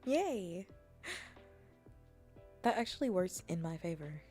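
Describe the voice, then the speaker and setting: A woman with a low, gravelly voice chatting softly to her viewers, often dropping to a half-whisper. She teases in a playful, mock-taunting way, and faint music plays behind her. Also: measured pace. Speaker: streamer hosting a chat stream. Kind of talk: soft-spoken casual chat.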